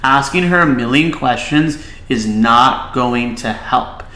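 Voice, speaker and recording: A man's voice: medium pitch, takes it slowly, pushed and bright, roomy sound, rough recording. A man, a child behavior specialist, giving casual reaction commentary and advice, with many filler "likes".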